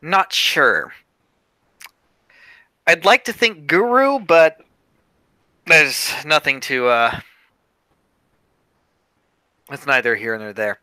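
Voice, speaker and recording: A man playing a weary, reflective male police detective in a tabletop role-play. He talks in a thoughtful, halting way, with many fillers. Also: a little high, animated, sharp tone, clean tone, dry recording, exaggerated voice. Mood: musing. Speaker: tabletop game player.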